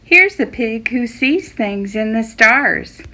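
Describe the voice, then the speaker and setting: Slow expressive woman reading aloud. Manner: slow, expressive, voicing animals with pitch jumps. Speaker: children's librarian reading aloud. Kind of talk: read-aloud storytelling.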